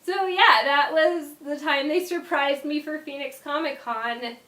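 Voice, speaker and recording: A young woman vlogger telling a casual story in an animated way, often dropping into quiet asides. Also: sits high, measured pace, reverberant.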